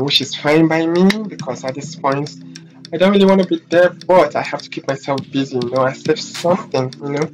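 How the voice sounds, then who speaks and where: Brief: exasperated storytime ranter, swears freely, average pitch, faint guitar playing underneath. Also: brisk. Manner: blunt, profane, exasperated. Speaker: storytelling vlogger. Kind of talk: casual storytime rant.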